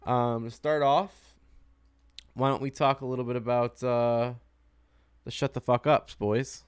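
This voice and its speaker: Male podcast host, mid-pitched, smooth clear voice, laid-back chat, dry close sound. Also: fairly even intonation, unhurried, dry recording. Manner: laid-back, laughs easily. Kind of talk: casual sports chat.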